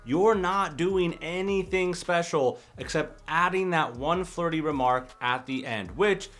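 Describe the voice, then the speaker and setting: A young man, a dating coach, talking casually to camera in an advice vlog and slipping in quick acted example lines. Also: fairly high pitch, a bit bright, soft background music. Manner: conversational, acts out example lines in quick asides.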